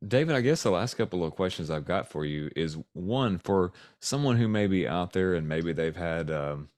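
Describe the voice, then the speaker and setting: Deep-voiced male interviewer. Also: lively intonation, moderate pace, darkish tone, dry recording, studio quality. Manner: brief backchannel replies. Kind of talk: casual interview.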